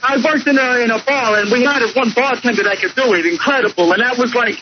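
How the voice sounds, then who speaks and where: Male phone-in caller, eager and rambling, very high voice, hissy muffled radio audio. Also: fast talker. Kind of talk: casual phone-in chat. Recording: lo-fi radio broadcast with hiss.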